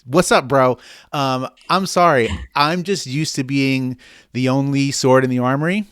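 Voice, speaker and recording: A man's voice: medium pitch, unhurried, a bit bright, clear, resonant tone, no echo. A man co-hosting a casual podcast, reading out a listener email with bro-ish jokes. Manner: joking, bro-ish banter. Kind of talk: casual chat.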